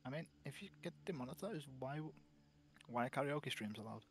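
A man's voice: mid-range voice, animated, brisk, a little hiss or hum. Joking man with a Scouse accent. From Liverpool, England. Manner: jokey, mock-indignant banter. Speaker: co-streamer. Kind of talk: casual gaming chat.

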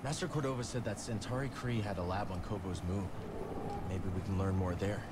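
An actor playing a calm, resolute young male Jedi in a video game, talking in a steady, matter-of-fact way. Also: fairly low pitch, brisk, heavy background noise, lightly acted. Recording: game audio with loud effects behind. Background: loud game sound effects.

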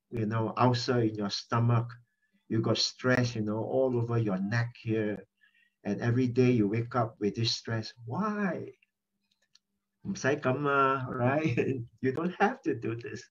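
Husky pastor preaching conversationally. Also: male voice, medium pitch, lo-fi sound. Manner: conversational, repeats phrases, many "you know" fillers. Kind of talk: informal sermon.

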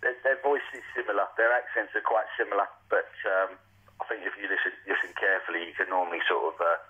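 Fast-talking husky London man. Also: low-pitched, fairly even intonation, narrow, tinny audio. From England, near London. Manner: chatty, repeats words as he talks. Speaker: guest. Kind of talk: casual chat.

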